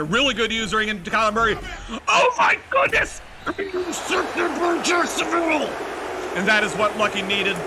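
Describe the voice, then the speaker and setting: A young man giving casual play-by-play commentary of a video game, excitable and bursting into shouts on big plays. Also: a little high. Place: library. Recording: noisy background.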